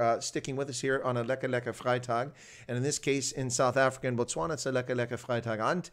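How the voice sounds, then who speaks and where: Quick chatty guy hosting a stream, rambles a lot and sounds upbeat. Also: medium pitch. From United States. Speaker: host. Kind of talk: casual interview chat.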